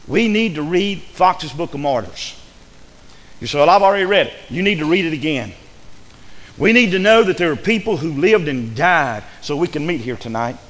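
A man delivers an emphatic sermon in a church, rising to loud declarations and dropping to hushed asides. His voice sits high for a man. Long reverb from the hall trails behind each phrase. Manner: emphatic preaching, repeats words, swings between loud and hushed. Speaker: preacher.

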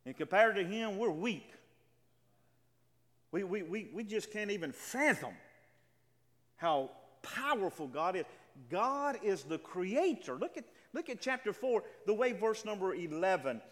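A man's voice: sits high, fairly bright tone. A man preaching a sermon, emphatic and full of stammering restarts, reading scripture aloud with drama. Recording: reverberant hall.

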